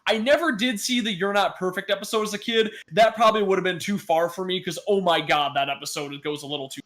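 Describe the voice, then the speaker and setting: A man's voice: sits high, fast talker, fairly bright tone. A man co-hosting a podcast, telling rambling stories in casual chat. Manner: rambling storyteller, casual swearing.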